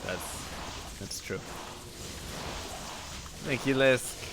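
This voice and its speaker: A man's voice: medium pitch, extremely slow, noisy background. Sick-sounding man chatting on stream. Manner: chatty, reacting aloud to viewer chat. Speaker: live streamer. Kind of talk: casual live-stream chat while gaming.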